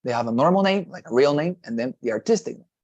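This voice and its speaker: A man's voice: medium pitch, lively intonation, fast talker, a little mellow, muffled recording. A man teaching test prep, repeating points and checking in with his students as he goes. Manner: repetitive, checks in with "okay?" and "right?". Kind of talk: online class explanation.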